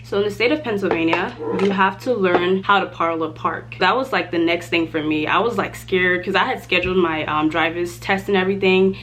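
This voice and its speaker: A woman's voice: on the low side, slight background noise. Young woman telling a chatty makeup storytime. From Nigeria. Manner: chatty, animated storytelling while doing makeup. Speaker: beauty vlogger. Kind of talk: casual get-ready-with-me storytime.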